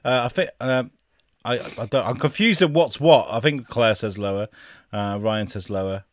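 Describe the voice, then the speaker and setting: A man's voice: mid-range voice, normal speed, no room sound, studio quality. A man hosting a casual quiz, reading out the chat and teasing the players with plenty of swearing. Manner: lively, teasing.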